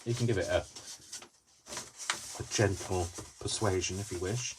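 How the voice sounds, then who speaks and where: A man with a very low voice hosts a live craft demonstration, chatty and prone to giggling. He is tired and giddy from little sleep and keeps talking to himself as he folds. The recording carries a steady layer of background noise. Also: measured pace. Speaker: crafting video host.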